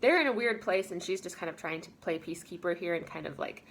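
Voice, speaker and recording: A woman's voice: lowish voice, fast. A woman giving a casual spoken lesson summary as a teacher, talking informally with lots of fillers and paraphrasing characters' lines.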